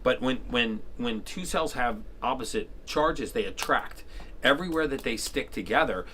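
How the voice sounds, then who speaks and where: A man's voice: mid-range voice, expressive, moderate pace, pushed and bright, slight background noise. A man talking with gauze in his mouth and a half-numb tongue, so his speech sounds a little muffled, as he steadily explains what the slide shows. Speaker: host, patient after tooth extraction. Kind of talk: casual explanation at a microscope.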